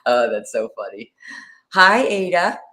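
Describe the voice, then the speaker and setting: A woman's voice: extremely low pitch, sing-song, measured pace, sharp tone. A woman co-hosting a live social media show, chatting casually, greeting viewers by name and laughing often. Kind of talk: casual live-stream chat reading viewer comments.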